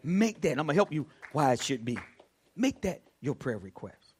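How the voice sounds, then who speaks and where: A man preaching a prayer sermon as pastor, repeating phrases and swinging from soft murmurs to loud shouts. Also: a little high, big pitch swings, slightly rough. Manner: repeats phrases, drawn-out emphatic delivery.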